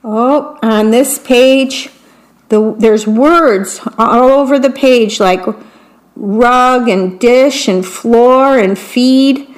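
A woman reads children's picture books aloud at an unhurried pace. Her voice sits a little high, and she pauses to talk about what is on each page. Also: low-quality recording. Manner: slow, expressive read-aloud with descriptions of the pictures. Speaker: storybook reader.

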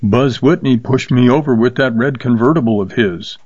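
A man's voice: medium pitch, moderate pace, a little mellow, husky, no echo, dull audio, close to an everyday voice. A man voicing a meek young rodeo cowboy who speaks apologetically and pleads, in a read-aloud story. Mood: apologetic.

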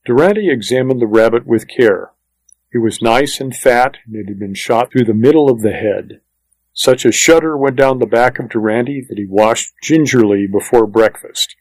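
A man giving scripted audiobook narration in a steady, even storytelling delivery. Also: mid-range voice, normal speed, dry recording, poor audio.

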